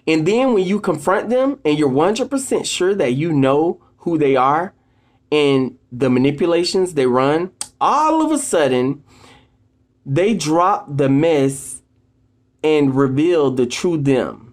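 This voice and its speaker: A video host gives casual motivational advice to camera, an animated storyteller who keeps speaking directly to viewers with emphatic, drawn-out phrases. His voice sits in the mid range.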